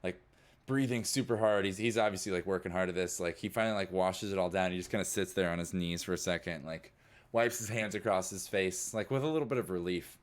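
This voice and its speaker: A young man narrates as a game master, speaking fast in a low voice. He rambles, leaning heavily on fillers like "like" and "you know."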